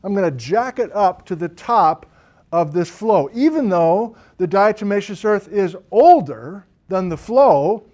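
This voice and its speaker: A man's voice: high-pitched, lively intonation, a little slow, darkish tone. Give me a brash, theatrical lava flow boasting about its power, as a male lecturer puts it on, in a raised voice. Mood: bold. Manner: brash, theatrical, first-person bravado. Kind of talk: lecture role-play of a rock.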